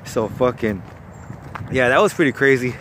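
A man's voice: mid-range voice, expressive, normal speed, a bit bright, a little hiss or hum. Laid-back Chicano man, profane storyteller. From California. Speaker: former bank call-center worker. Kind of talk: casual storytelling vlog.

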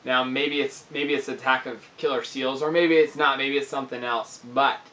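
A young man telling an exaggerated, excitable story for a youth ministry vlog, with sound effects. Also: mid-range voice, normal speed, recorded from a distance, slight background noise, rough recording.

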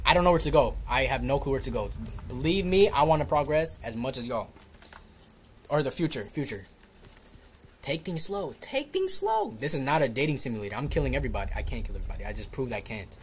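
A man's voice: medium pitch, quick pace. Guy streaming a horror game, joking and heckling enemies, faint noise behind. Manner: joking trash talk at enemies; excitable outbursts, talks to himself and chat. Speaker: gaming streamer. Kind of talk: live gameplay commentary.

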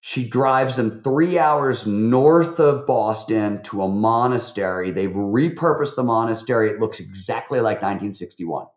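A man, a podcast guest and author, talking in a lively way, telling stories full of fillers and quoted voices. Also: fairly low pitch, roomy sound, dull audio. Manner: animated, fast-talking, with many fillers and acted quotes. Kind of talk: conversational interview storytelling.

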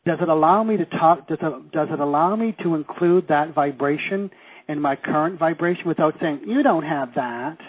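Husky man coaching over a phone line. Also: fairly high pitch. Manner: enthusiastic, slows to stress key phrases. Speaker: seminar leader. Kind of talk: teleseminar coaching.

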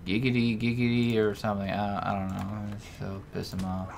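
A man hosting a let's-play, chatting casually over gameplay and swearing freely as he reacts with jokes and bursts of excitement. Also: low voice, moderate pace, vocal fry, noisy background. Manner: profane, excitable, joking.

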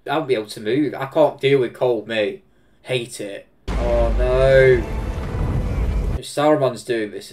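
A man with an English Midlands accent reacting to a film, excitable, swearing and laughing often. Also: mid-range voice. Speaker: reaction video host. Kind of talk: casual reaction commentary.

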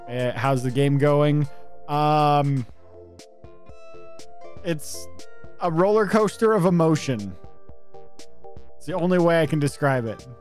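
A man's voice: on the high side, slow pace, pauses often, darkish tone, soft background music. A male streamer talking casually and sarcastically while playing a game live.

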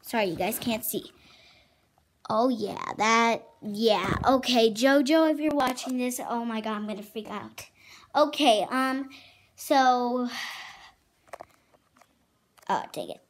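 A female vlogger giving a casual room tour, excitable and often dropping into a whisper. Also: fairly high pitch, takes it slowly, long pauses, slight background noise. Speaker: vlogger showing her room.

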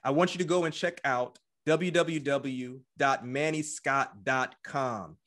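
A man's voice: medium pitch, unhurried, a bit bright. A man who is a pastor and podcast host, speaking in a fervent, encouraging, preacherly way. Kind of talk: exhortation and show wrap-up.

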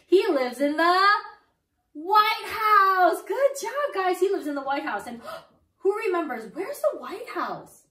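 A woman's voice: extremely high pitch, sing-song, slow pace, bright, forceful tone. A young woman leading toddlers through circle time from her home, in an exaggerated, encouraging sing-song teacher voice. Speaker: preschool teacher. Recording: roomy sound, far from the mic.

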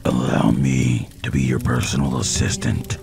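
Guardián siniestro y grave de pesadillas. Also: male voice, a bass voice, flat delivery, music in the background, pitched below the performer's own voice. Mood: ominous. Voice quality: gravelly, slow and menacing. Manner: ominous, drawn-out welcome. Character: sinister deep-voiced male keeper of a realm of nightmares. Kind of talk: horror channel intro.

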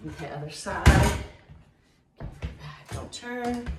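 A woman's voice: mid-range voice, lively intonation, takes it slowly, background noise. Breathless upbeat woman fitness instructor. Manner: upbeat, chatty, counts reps aloud. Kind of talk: live workout class instruction. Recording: echoey room from a distance.

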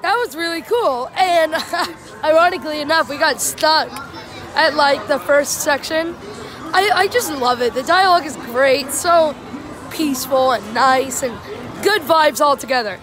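A woman vlogging casually from a theme park and hotel, excitable and quick to shriek and laugh, filming on a handheld camera. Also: high voice. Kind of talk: casual travel vlog. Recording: theme park crowd and music behind.

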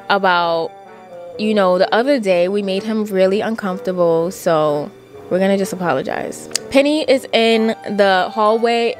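A young woman giving casual, playful commentary while playing a life-sim game, full of "like" and quick asides. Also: medium pitch. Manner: chatty, playful, lots of "like". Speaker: gaming YouTuber. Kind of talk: casual let's-play commentary.

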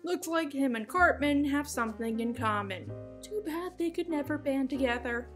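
A woman's voice: high voice, animated, moderate pace, a bit bright, faint music behind. A woman narrating a scripted video essay with wry, sarcastic asides.

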